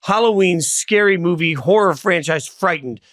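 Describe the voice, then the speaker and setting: Emphatic higher-voiced male sports co-host. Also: normal speed, no echo, studio quality. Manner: emphatic, repeats phrases, lively restarts. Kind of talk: animated sports debate.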